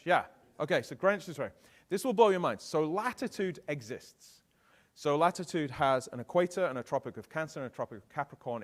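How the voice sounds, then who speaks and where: A middle-aged man with a British accent giving a lively conference keynote, often putting questions to the audience. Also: fairly high pitch. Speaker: keynote speaker.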